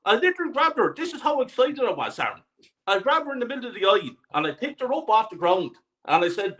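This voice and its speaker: High, bright male caller, swings all over, swears freely, fired up. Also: fast talker. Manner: animated, profane storytelling. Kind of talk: heated call-in chat.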